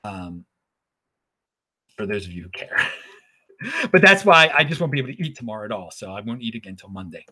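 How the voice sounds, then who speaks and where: A man's voice: lowish voice, lively intonation, a little fast, long pauses, bright, forceful tone. Rambling, stammering man. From Baltimore, USA. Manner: rambling, stammering with repeated words and chuckles. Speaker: show host. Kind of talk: casual solo commentary.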